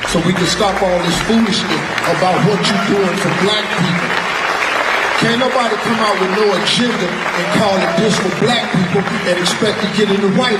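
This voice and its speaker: A man, a radio host, talking in a punchy, emphatic, folksy way to a live audience. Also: high voice. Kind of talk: live onstage talk. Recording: echoey hall, far from mic, loud crowd and noise.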